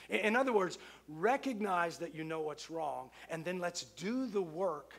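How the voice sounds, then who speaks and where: A man's voice: high voice, lively intonation, moderate pace, vocal fry, hardly any pauses. A middle-aged male pastor preaching a sermon in a conversational way, often repeating phrases for emphasis.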